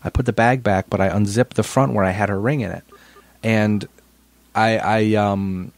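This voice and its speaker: A man's voice: on the low side, steady tone, moderate pace, dry recording. A man co-hosting a podcast, telling a story in casual chat and often repeating his words. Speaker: podcast co-host.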